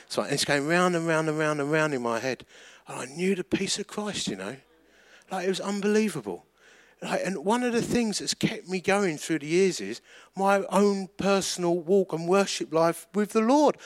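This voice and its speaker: A man's voice: fairly high pitch, very animated, brisk, fairly bright tone. A middle-aged male pastor, preaching in a chatty storytelling way that pokes fun at himself and acts out the voices of people in his stories. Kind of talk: storytelling sermon.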